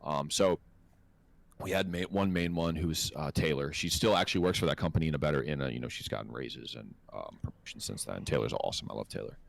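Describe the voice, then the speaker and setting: A man hosting a podcast, telling a story in an animated, profane, laughing way. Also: extremely low pitch, quick pace, creaky. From North America. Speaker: podcast host. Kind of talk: casual storytelling chat.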